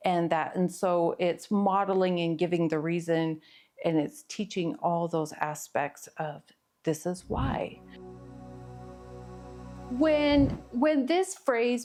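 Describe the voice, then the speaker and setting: A middle-aged woman therapist giving an earnest, explanatory talk on parenting, with pauses and fillers. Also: lowish voice, expressive, a little mellow, soft background music. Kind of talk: educational talk to camera.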